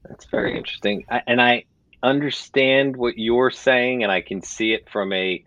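A man's voice: mid-range voice, moderate pace, a bit bright, no room sound. A man hosting an interview, asking questions in a hesitant way, thinking aloud as he goes. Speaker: podcast host. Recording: dull, dry lo-fi mic.

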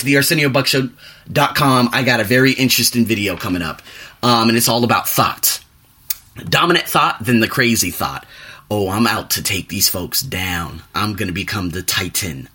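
A young man giving a rambling, motivational vlog monologue in a casual, animated way. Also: breathy edge. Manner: animated, rambling, pitch jumping up for emphasis. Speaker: vlogger and teacher.

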